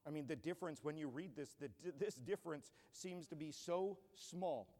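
High-voiced preaching man in a reverberant hall. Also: moderate pace, warm tone. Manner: earnest preaching, building to emphatic declarations. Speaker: pastor. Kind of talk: sermon. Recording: long church hall reverb.

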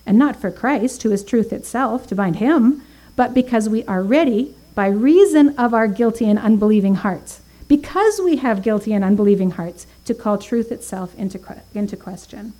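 A woman's voice: fairly high pitch, moderate pace, dark tone, rough recording. A woman teaching a Bible study, earnest, reading scripture aloud with emphasis and thinking aloud with small fillers and restarts.

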